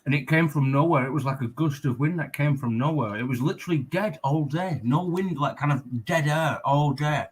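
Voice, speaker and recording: A man's voice: on the high side, normal speed, hardly any pauses. A man in casual livestream chat, talking in a chatty, repetitive way and swearing freely. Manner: chatty, swears, repeats "trust me" and "you know what I mean". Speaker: co-host.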